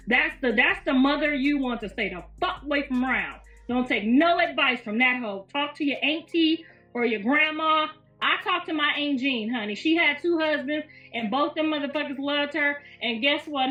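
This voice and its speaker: This livestream host is a woman in her fifties with a high-pitched, sharp voice, chatting casually from home with plenty of swearing, laughter and blunt remarks. The audio is muffled slightly, roomy and distant, and faint music can be heard.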